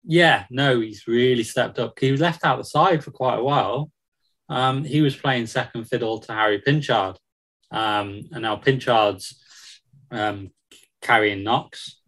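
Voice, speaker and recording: A man's voice: medium pitch, a little slow, fairly bright tone, rough recording. A man chatting casually about football on a podcast, with many ums and restarts and frequent laughs. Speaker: football reporter.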